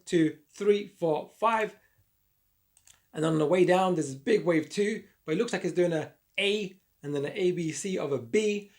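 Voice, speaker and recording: A man with a croaky throat teaches a trading lesson on screen, his voice gravelly with fry. He sits a touch higher than most men and keeps an upbeat, repetitive patter as he draws on the chart. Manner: upbeat, repetitive, talks through drawing on charts. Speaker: trading educator.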